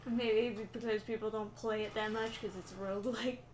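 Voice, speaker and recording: A woman's voice: fairly high pitch, fairly even intonation, fairly quick, a little mellow, a little hiss or hum. A woman chatting in a laid-back way while playing a video game, reading item text aloud. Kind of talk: casual gaming chat. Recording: echoey room.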